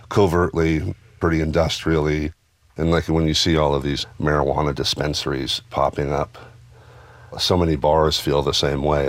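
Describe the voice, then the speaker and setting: A man who owns bars, talking in an interview in a thoughtful, measured, explanatory way. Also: very deep voice, no echo. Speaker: bar owner and spirits author. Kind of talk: reflective interview talk. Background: music.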